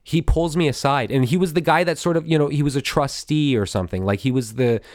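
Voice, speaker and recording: A man's voice: a little high, fast talker, no room sound. A man hosting a podcast, telling a story in a casual, profane, rambling way with many restarts, into a studio microphone. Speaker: podcast host.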